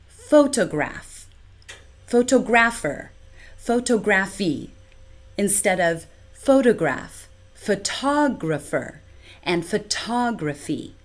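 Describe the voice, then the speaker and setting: Animated woman teaching pronunciation. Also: mid-range voice. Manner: clear, deliberate teaching delivery with exaggerated syllable stress. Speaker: communication trainer. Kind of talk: scripted video lesson.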